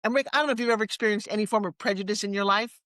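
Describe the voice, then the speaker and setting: A woman in her sixties with a New York accent, a guest telling personal stories in a lively, candid way with quick asides. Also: mid-range voice, no room sound, clean studio sound. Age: 60s. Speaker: interview guest. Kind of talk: personal storytelling in conversation.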